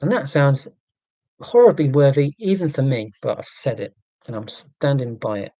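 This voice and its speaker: Man, mellow voice, dry close sound, casual rambling, self-deprecating humour, answering comments. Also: mid-range voice, sing-song, moderate pace, dry recording. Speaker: YouTuber answering viewer comments. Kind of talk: casual rambling live chat.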